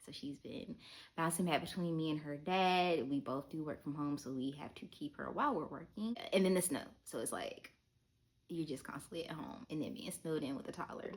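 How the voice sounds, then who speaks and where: A woman's voice: sits low, fairly quick. A young woman vlogging to her camera, talking openly and frankly, with casual swearing. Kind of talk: candid talk to camera.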